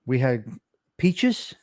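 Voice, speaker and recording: Very animated yet very slow, the man's medium-pitched, darkish voice carries a casual livestream where he reads live comments and asks viewers about his mic's sound. He's an Italian-American from New Jersey, recorded dry and clean like a studio on a close desk microphone.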